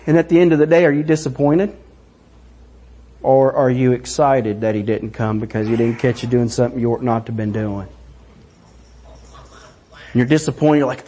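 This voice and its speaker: A middle-aged man preaching a sermon, animated and excited, acting out voices. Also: medium pitch, normal speed, long pauses, slight background noise. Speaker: pastor.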